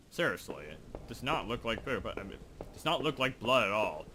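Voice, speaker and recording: A man's voice: lowish voice, sing-song, moderate pace, noisy background. A young man giving casual, rambling commentary while playing a video game, reading game text aloud and joking at himself. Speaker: gaming video host. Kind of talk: casual let's play commentary. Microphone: desk microphone.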